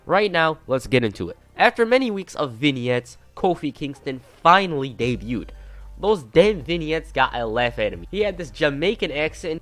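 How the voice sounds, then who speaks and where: A man's voice: on the high side, fairly bright tone. Casual man narrating a wrestling recap. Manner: casual commentary with offhand asides.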